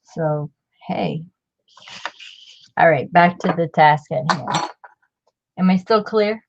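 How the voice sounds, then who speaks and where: Slow, rambling woman crafting on camera. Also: low-pitched, gravelly, muffled recording, background noise. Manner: rambling, self-interrupting, chatty. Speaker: craft channel host. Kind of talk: casual crafting chat.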